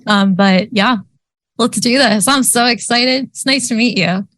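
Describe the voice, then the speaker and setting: A woman role-playing a college student at the game table. She speaks slowly and calmly in a slightly high voice. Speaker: player.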